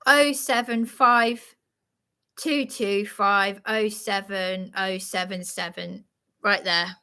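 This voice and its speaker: A woman's voice: mid-range voice, steady tone, slow, pushed and bright. A woman live streaming, talking in a flustered, agitated and apologetic way. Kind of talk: rambling live-stream chat.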